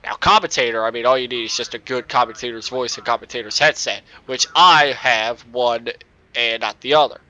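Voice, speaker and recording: A young man with a nasal voice and a bright edge to it talks through a racing game on a cheap microphone. He rambles in loose, excitable bursts and breaks off to curse at what happens on track. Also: medium pitch, brisk. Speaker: gaming YouTuber. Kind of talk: casual gameplay commentary.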